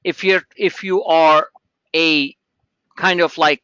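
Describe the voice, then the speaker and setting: A man's voice: on the high side, steady tone, slow pace, long pauses, sharp tone, smooth, dry recording, muffled recording. A man hosting a live trading webinar, rambling and joking informally, with many restarts and asides.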